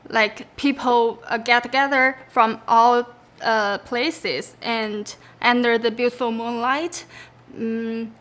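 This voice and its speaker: Woman, Chinese accent, casual introduction, hesitant with fillers, slightly high voice. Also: fairly even intonation, a bit bright. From China. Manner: hesitant, with many pauses and fillers. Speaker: pipa musician.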